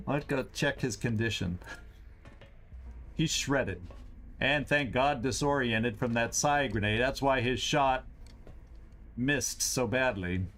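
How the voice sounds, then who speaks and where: A man hosting a game stream, thinking aloud through his moves, tallying enemies and cheering loudly at big shots. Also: mid-range voice, takes it slowly, long pauses, a little hiss or hum. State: has the hiccups. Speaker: host. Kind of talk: gameplay commentary.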